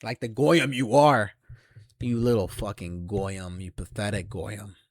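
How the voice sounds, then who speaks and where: A young man ranting to camera in an aggressive, taunting, heavily profane monologue that swells into shouts. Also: lowish voice, steady tone, unhurried, dry recording, clean studio sound. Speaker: channel host.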